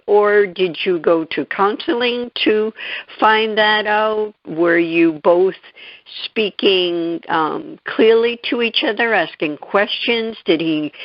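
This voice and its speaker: A woman hosts a radio interview and asks her questions slowly and gently. Her pitch sits in a normal range. The audio is dry and slightly muffled. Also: dry recording. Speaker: radio show host. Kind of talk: interview conversation.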